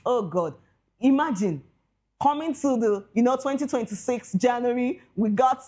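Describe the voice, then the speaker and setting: A young Nigerian woman with a Nigerian accent hosts an entertainment gossip segment in a slightly high voice. She talks casually and excitably, slipping between pidgin and English. Her pitch and loudness swing widely from bursts to quiet asides. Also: moderate pace. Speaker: entertainment news host. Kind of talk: casual celebrity gossip commentary.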